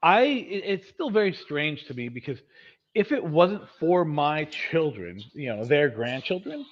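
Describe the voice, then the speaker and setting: A man in his thirties hosting a casual chat, rambling and animated, often mocking voices. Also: on the high side, a little slow. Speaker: host. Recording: dull lo-fi sound.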